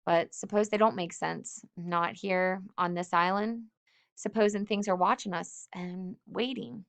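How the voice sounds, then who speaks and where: A woman's voice: mid-range voice, steady tone, unhurried, creaky. Woman voicing Ralph, an earnest troubled boy. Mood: fearful. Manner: earnest, worried.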